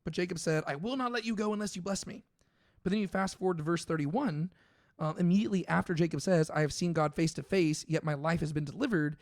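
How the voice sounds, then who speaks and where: A man's voice: a little high, fast talker, no room sound, studio quality. Chatty man with a light, slightly raised voice. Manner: thinks aloud with many fillers and restarts. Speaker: podcast co-host. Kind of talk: casual Bible discussion.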